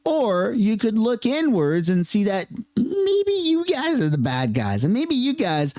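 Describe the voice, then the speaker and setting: A man hosting casual political commentary, talking in an animated, sarcastic way. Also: high voice, a little slow, dry recording. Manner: animated and sarcastic, lively ups and downs.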